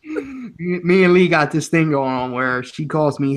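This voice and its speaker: A rambling, chatty man from the Philadelphia area hosts a relaxed evening chat with friends. His voice sits a little higher than most men's, and he keeps breaking into laughs as he talks. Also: normal speed. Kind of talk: casual chat.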